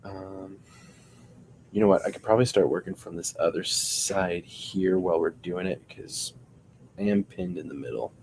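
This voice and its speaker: Low gravelly man chatting through a craft build. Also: moderate pace, darkish tone, slight background noise. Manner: rambling, jokey, thinking aloud while working. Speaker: puppet builder and streamer. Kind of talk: casual livestream craft chat.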